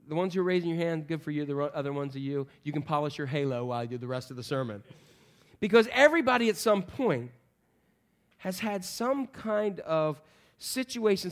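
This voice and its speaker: A man preaching a sermon in a chatty, joking way, putting questions to the congregation. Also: a little high. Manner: conversational, joking, quizzes the congregation. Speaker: pastor.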